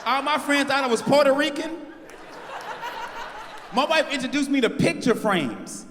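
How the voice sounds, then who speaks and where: A man in his forties doing brash live stand-up with crowd work, shouting out his punchlines. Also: extremely high pitch, expressive, a little slow, slight background noise. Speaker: stand-up comedian. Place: large live venue on stage. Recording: live house mix with long hall reverb.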